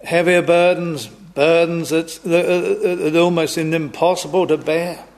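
Male preacher, slow and hesitant, monotone sermon delivery in a chapel. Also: on the high side. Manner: slow, halting, many ums and restarts, old-fashioned biblical wording.

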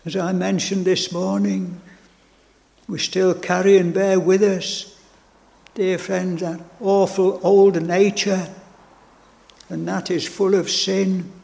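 A man's voice: high-pitched, little pitch movement, takes it slowly, vocal fry, pauses often, darkish tone. A man preaching a sermon with fervent, repeated phrases and stammered restarts. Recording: long hall reverb.

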